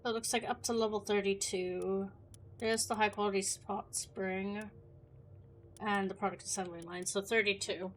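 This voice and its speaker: A woman's voice: mid-range voice, fairly even intonation, normal speed, a little hiss or hum. A woman in her thirties from Canada with an accent blending Canadian and British, chatting casually with viewers while streaming a game. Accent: Canadian mixed with British. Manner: chatty, rambling, laughs often. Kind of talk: casual gameplay chat with viewers.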